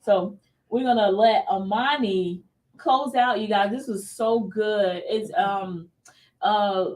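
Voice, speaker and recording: A woman host in her thirties chats through a faith talk show and tells stories with real animation, slipping into the voices of the people she quotes. Her voice sits at an everyday middle pitch. She is recorded a little way back from the mic. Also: takes it slowly, recorded from a distance, poor audio. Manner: animated storytelling, acts out quoted dialogue.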